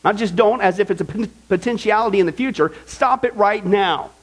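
A man's voice: high voice, brisk. A man teaching a Bible study in an emphatic, conversational way, often checking in with "okay?" and "right?". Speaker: pastor.

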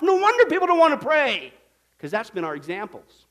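Man, pastor, sermon, high voice, animated, humorous, questions the congregation. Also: a little fast. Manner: animated and humorous, acting out little scenes.

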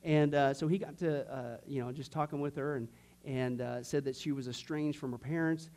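A middle-aged man, a pastor, teaching a discipleship class by telling personal stories with jokes, asides and many fillers, acting out quoted voices from loud to near whisper. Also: medium pitch, fairly even intonation, moderate pace. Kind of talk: sermon-style teaching class.

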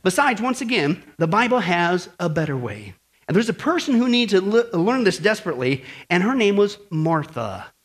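Lively high-voiced male preacher. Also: normal speed. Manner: animated, folksy, rhetorical questions. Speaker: pastor. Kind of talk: sermon with a told joke.

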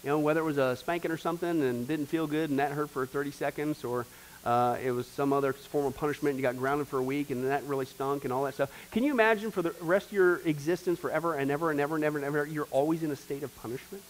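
A man's voice: a little high, fast talker, slight background noise, poor audio. A man teaching a church discipleship class in an emphatic preaching style, repeating phrases and talking straight to the group. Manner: emphatic, repetitive, addresses the class directly.

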